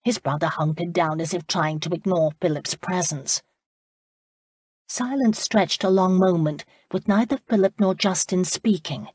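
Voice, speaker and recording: Husky low-voiced woman narrator. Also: measured pace, a little mellow, no echo, studio quality. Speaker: audiobook narrator. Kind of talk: scripted narration.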